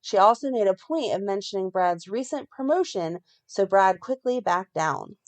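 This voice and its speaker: A woman's voice: mid-range voice, normal speed. Woman recapping a story podcast. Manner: reads plot summary in a steady run, breaks off to comment. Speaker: podcast co-host recapping a soap.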